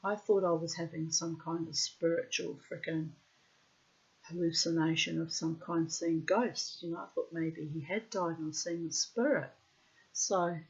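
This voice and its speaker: This is a middle-aged woman with a fairly low voice. She spins a personal yarn bluntly, swearing freely and loudly acting out every quoted line. The recording is dull and lo-fi. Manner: animated, acts out quotes loudly. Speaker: storyteller. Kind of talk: personal anecdote monologue. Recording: muffled lo-fi recording.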